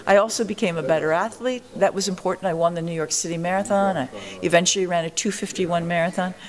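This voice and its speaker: A woman's voice: fairly low pitch, quick pace. Older woman telling a spirited story. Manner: animated storyteller acting out quoted voices. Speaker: interviewee, marathon pioneer. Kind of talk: storytelling interview answers.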